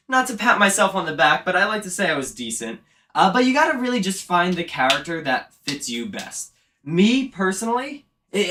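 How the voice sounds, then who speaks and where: Setting up an animatronic indoors, this haunt actor and vlogger chats and rambles somewhat about his work, clearly aware of himself as he goes. He has a fairly high, bright, pushed-sounding voice.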